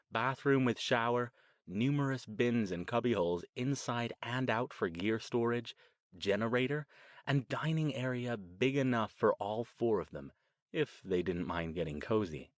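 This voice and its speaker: A man reading an audiobook as narrator with steady, even storytelling. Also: mid-range voice, a little slow, no room sound. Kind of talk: scripted narration.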